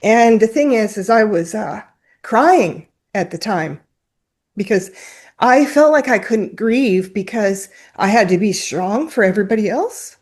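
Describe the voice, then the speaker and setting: A woman's voice: mid-range voice, lively intonation, unhurried, darkish tone. A woman telling a personal story as an interview guest, in a conversational, emotional way, sometimes close to tears. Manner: emotional, tearful at times, apologetic; conversational, uses fillers like "like" and "um".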